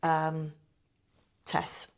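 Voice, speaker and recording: A middle-aged woman and pantomime performer chatting in an interview, telling lively stories and acting out what people said. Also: deep voice, drawn-out words, gravelly. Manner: chatty, animated storyteller who acts out quotes. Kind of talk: casual interview chat.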